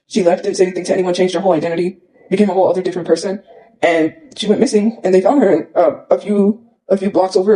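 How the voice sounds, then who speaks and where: A man's voice: high voice, warm tone, low-quality recording. A man ranting on a livestream, upset and rambling, repeating himself and filling gaps with "like" and "you know.". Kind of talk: emotional livestream rant.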